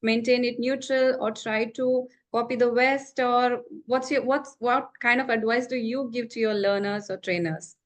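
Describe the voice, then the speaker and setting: A woman's voice: a little high, steady tone, normal speed, hardly any pauses. A woman interviewing a guest, who asks her questions in a loose, searching way.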